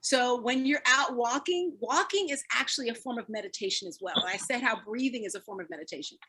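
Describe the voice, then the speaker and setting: A woman leading a laughter and stress-relief workshop, energetic and encouraging, laughing often as she explains. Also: fairly high pitch, a little fast, husky. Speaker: fitness speaker leading a wellness talk. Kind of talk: live online wellness workshop.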